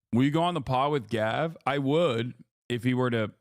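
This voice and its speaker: A man's voice: mid-range voice, slow pace, no echo, clean studio sound. A man hosting a livestream, lecturing his chat in rambling, profane casual commentary. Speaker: livestream host.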